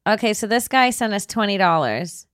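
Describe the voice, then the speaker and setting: A woman's voice: mid-range voice, lively intonation, normal speed, fairly bright tone, no echo. Woman podcast host roasting people, swears a lot, laughs constantly, dry close sound. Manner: crude, laughing, teasing. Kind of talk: casual comedic roast.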